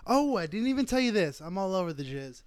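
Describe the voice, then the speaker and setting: A man's voice: high voice, big pitch swings, fast talker, clear, resonant tone, dry recording, studio quality. A young man from the Bay Area, a comedian co-hosting a podcast, telling a long, profane, rambling story in casual chat. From San Francisco Bay Area. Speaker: podcast co-host and stand-up comedian. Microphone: close podcast mic.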